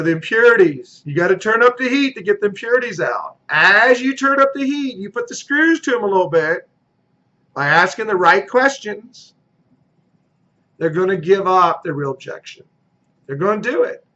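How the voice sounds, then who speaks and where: A man with a high, bright voice coaches on sales in an emphatic, punchy way. He hammers key phrases again and again and acts out quick role-play exchanges. The recording sounds a little dull and lo-fi. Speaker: real estate team recruiter. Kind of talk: motivational sales coaching monologue.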